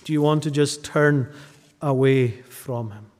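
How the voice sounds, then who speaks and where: Slow, deliberate male preacher in a hall. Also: medium pitch. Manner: slow, deliberate preaching, drawing out key phrases and dropping to a hush at ends. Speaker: pastor. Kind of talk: sermon.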